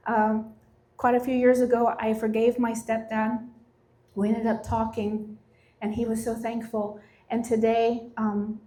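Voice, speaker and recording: A woman's voice: fairly high pitch, warm tone. Earnest woman giving a faith testimony. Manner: earnest, reads scripture with slow emphasis. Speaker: testimony speaker.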